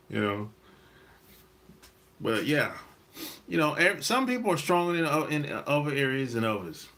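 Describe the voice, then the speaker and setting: A man hosting a dating-advice channel, talking in a relaxed, rambling monologue, repeating his points and laughing often. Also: on the high side, a little slow, pauses often. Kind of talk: casual monologue.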